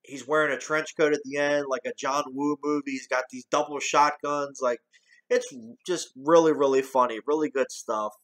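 A man's voice: fairly high pitch, steady tone, moderate pace, fairly bright tone. A man giving a casual, rambling movie review, talking loosely, restarting often and swearing now and then.

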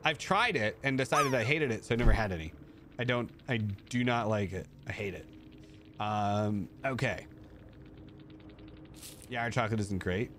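A man's voice: normal speed, long pauses, fairly bright tone, slight background noise. A man hosting a live stream, chatting casually and rambling as he reads and answers his chat. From United States. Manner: chatty and rambling, jumping up high when thanking viewers.

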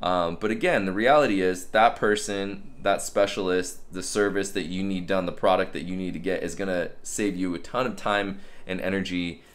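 A man's voice: sits low, steady tone, moderate pace, hardly any pauses. A man who works as a fitness trainer, talking candidly and reflectively in a casual self-help vlog. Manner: candid, reflective, conversational with fillers.

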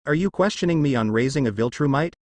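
A proud, harsh alien father, as a male narrator puts him on, firm and stern in manner. The pitch moves freely and the sound is close and dry. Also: lively intonation, quick pace, darkish tone, no echo.

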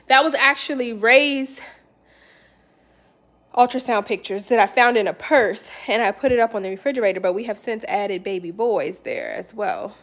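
A woman's voice: fairly high pitch, fairly bright tone. A tired, pregnant woman in her thirties chatting casually at home for her vlog, rambling with fillers. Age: 30s. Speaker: vlogger. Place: home, indoors.

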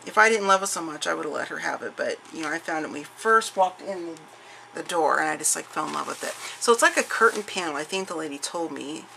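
A woman's voice: lowish voice, gravelly, sharp tone. A woman with a scratchy voice, chatting casually to the camera as she shows off a craft haul at home, rambling with lots of fillers and restarts. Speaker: craft vlogger showing a haul.

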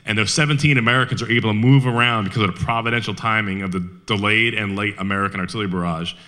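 A man telling a war history story at a Veterans Day event, animated, with rhetorical questions and frequent restarts. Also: fairly low pitch, very fast.

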